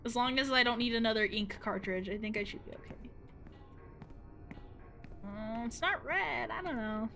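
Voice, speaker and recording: Bright, lively young-sounding woman streamer. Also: fairly high pitch, normal speed, long pauses, faint music behind. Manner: playful, chatty, swears, reads game dialogue aloud. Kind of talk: casual gameplay commentary.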